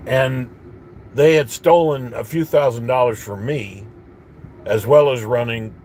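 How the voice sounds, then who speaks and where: A man's voice: medium pitch, unhurried, a little mellow, slight background noise. A man ranting bitterly in a casual monologue, rambling with restarts and coughing at times. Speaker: vlogger.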